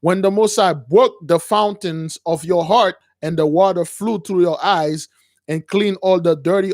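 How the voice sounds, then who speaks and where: Male call-in host with a high voice and a dry, close sound. Emphatic, repetitive preaching style. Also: dry recording. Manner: emphatic, repetitive, keeps addressing listeners as brothers. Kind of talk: preaching to callers.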